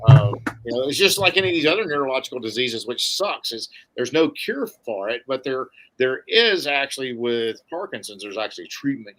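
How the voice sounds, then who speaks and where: A podcast co-host chats casually in a mid-range, fairly bright voice. He rambles, restarts often, and tosses in folksy sayings.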